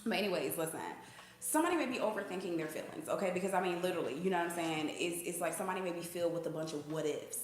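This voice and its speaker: A woman hosts a casual spiritual reading in a chatty, slangy style and keeps asking her viewers "okay?". Her voice sits slightly low. The room around her is very echoey. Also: very fast. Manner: breaks into sung snippets. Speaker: intuitive reader, channel host.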